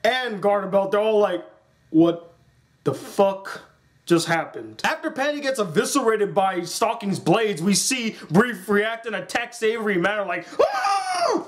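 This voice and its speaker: Young male reviewer, high voice, excitable and animated, casual and profane. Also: moderate pace, few pauses. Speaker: anime reviewer.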